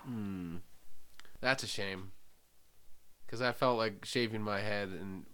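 A man's voice: fairly low pitch, slow pace, pushed and bright, clear, resonant tone. A young man co-hosting a podcast, telling crude rambling bits in casual chat. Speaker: podcast co-host.

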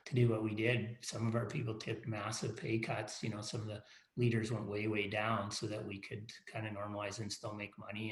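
A man speaking as a guest on a podcast, telling stories frankly and often repeating and restarting his words. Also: lowish voice. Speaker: company leader, podcast guest. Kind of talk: casual storytelling interview. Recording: roomy echo.

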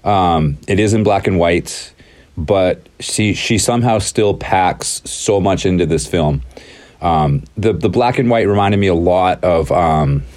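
A low-voiced man on a film podcast, sharing facts in a measured way. His delivery is informative and dotted with filler ums. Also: a little mellow. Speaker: podcast co-host. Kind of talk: casual film review chat.

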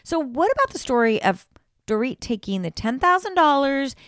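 A woman co-hosting a gossip podcast, talking in an animated, exclamatory way with plenty of laughter and casual swearing. Her pitch swoops up and down. The sound is dry and close, with no room around it. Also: moderate pace, dry recording. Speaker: podcast co-host.

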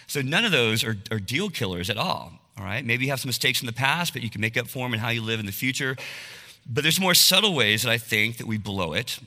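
A man's voice: mid-range voice, expressive, fast, sharp tone, long reverb tail. A man in his forties giving an earnest, confessional sermon-style talk, often checking in with his listeners. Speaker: speaker at a men's talk.

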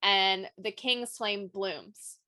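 A woman's voice: mid-range voice, steady tone, very slow, bright, forceful tone, dry recording. Woman podcast host, dry close sound. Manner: reads passages aloud, emotional, casual. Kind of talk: casual book discussion podcast.

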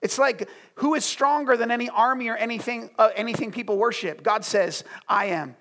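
A man preaching a sermon with passion, dropping to a hush and then rising loud. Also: very high-pitched, a little fast. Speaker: pastor.

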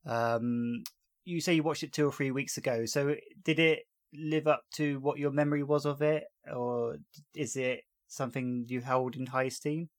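A man's voice: medium pitch, fairly even intonation, normal speed, no echo. A man hosting a casual podcast, chatting about a TV series episode and retelling scenes with frequent laughs. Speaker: podcast host.

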